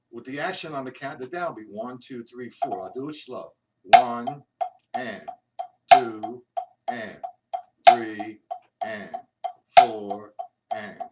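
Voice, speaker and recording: A man teaching a drum lesson on a live stream, counting beats aloud in a loose, chatty way. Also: mid-range voice. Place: drum room at a kit. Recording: far from the mic, loud music and drums behind. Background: loud drumming.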